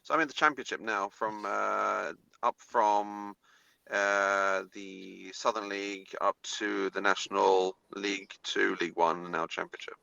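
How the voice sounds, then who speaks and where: A man's voice: fairly low pitch, little pitch movement, unhurried, gravelly, sharp tone, no room sound, lo-fi sound. A man with a posh English accent, chatting as a podcast guest, hesitant with lots of ums and uhs. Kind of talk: casual chat.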